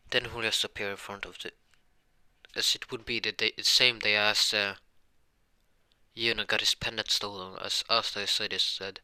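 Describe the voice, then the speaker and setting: A man narrating an improvised fan story, rambling and restarting constantly. His voice is low-set with a sharp, bright tone. The recording is dry and close. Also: clean tone, no echo. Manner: rambling, many fillers and restarts.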